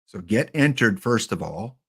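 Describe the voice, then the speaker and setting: A man's voice: fairly low pitch, expressive, normal speed, gravelly, fairly bright tone, husky. A man casually hosting a game live stream, chatting and joking with viewers by name.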